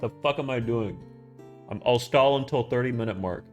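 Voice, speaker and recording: A man's voice: mid-range voice, normal speed, highs cut off, faint music behind. A man streaming live, chatting casually and rambling, swearing often and answering his chat. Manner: rambling, profane, talking back to chat.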